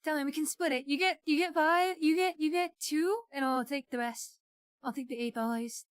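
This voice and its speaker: A woman's voice: sits high, normal speed, dry recording, studio quality. A woman co-hosting a live stream, playful and teasing, calling her partner darling in casual chat. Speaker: streamer co-host.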